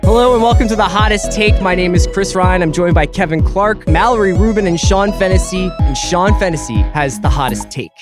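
A man's voice: sits high, brisk, few pauses, over music. A man hosting a sports podcast, introducing the panel and teasing them as a wry moderator. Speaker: podcast host. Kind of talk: casual sports debate.

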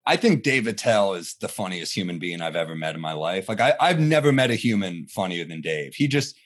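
A man in his thirties, a comedian, chatting in an interview and telling animated stories, acting out quotes in a higher voice. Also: a little fast. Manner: animated storytelling, acts out quotes with jumps in pitch. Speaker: comedian guest. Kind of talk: casual interview chat.

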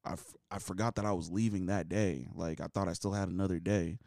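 A man's voice: low voice, fairly even intonation, fast talker, gravelly, a little mellow, dry recording, studio quality. A man from California telling stories in casual podcast chat, acting out voices and laughing. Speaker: podcast co-host.

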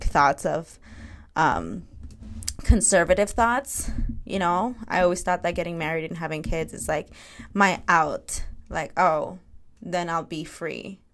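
A young woman talks through her dreams in a loose, candid podcast chat. She swears freely and laughs often, and her voice sits a little low for a woman. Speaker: podcast host. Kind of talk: casual solo podcast chat.

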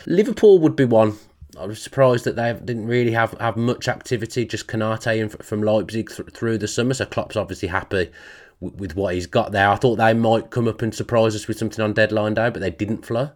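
Deep-voiced man podcast host. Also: a little fast, darkish tone. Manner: jokey, easygoing. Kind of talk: casual football chat.

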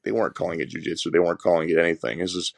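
In a casual interview, a head wrestling coach tells rambling, animated stories and repeats his words a lot. His voice is low-pitched, racing, and creaky, captured in a dry, clean studio recording.

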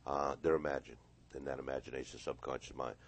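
A man's voice: extremely low pitch, fairly even intonation, fast talker, no echo. A man, a hypnotist guest on a radio interview, telling stories and acting out the voices in them. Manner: storytelling, acts out quoted voices. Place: radio studio.

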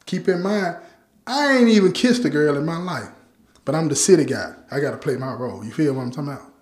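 A man's voice: mid-range voice, darkish tone, echoey room. A man from Chicago recounting his life story to listeners in street slang, often turning to address them directly. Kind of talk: personal life story told to an audience.

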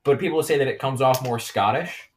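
A man's voice: medium pitch, a little fast. A young man co-hosting a casual podcast, playful and jokey, talking about doing voices. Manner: playful, jokey, often jumps into silly voices. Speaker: podcast co-host.

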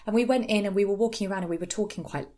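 A young British woman co-hosting a podcast, chatty and animated as she tells stories. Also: medium pitch, very fast. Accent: British English. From Britain. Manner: chatty storyteller, lively and animated. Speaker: podcast co-host. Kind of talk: casual chat.

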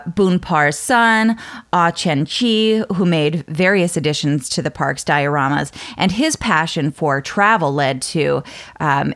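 A woman with a lowish voice talks through her research notes on a casual podcast. She stops often with ums and restarts as she walks her co-host through it. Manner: explains from notes with frequent fillers. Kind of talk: casual chat, reading notes.

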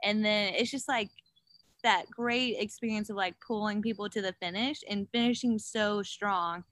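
A woman chatting casually as a podcast guest, an animated storyteller who acts out quotes, with many fillers. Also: medium pitch, normal speed, no echo. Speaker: guest, gravel bike racer.

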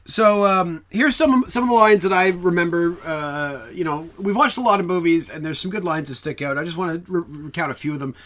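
A man's voice: high voice, a little fast, hardly any pauses, a bit bright. A young man co-hosting a casual podcast about films, rambling and quoting favorite movie lines. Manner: rambling, quotes movie lines in put-on voices. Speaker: podcast co-host. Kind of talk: casual film chat.

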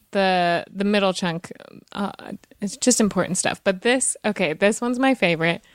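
A woman's voice: medium pitch, dry recording, studio quality. A woman hosting a podcast in casual chat, chatty and giggly, with many fillers. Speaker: podcast host.

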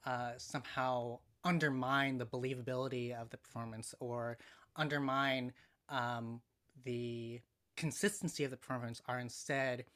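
Male podcast guest, bright and forceful, measured and reflective, many pauses. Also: medium pitch, steady tone. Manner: thoughtful, measured, frequent ums and pauses. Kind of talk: casual conversational analysis.

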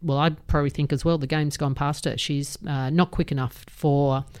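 A woman's voice: low-pitched, steady tone, normal speed, a little mellow, clean tone. A woman co-hosting a sports podcast, giving blunt, frank verdicts in casual chat and laughing them off. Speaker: podcast co-host.

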